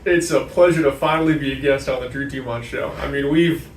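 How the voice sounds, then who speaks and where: A man's voice: medium pitch, fairly even intonation, fairly quick, slight background noise. Young man, from New Hampshire, casual interview guest, filler-heavy, distant mic, echoey room. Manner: chatty, many "like" fillers. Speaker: guest, sports information director.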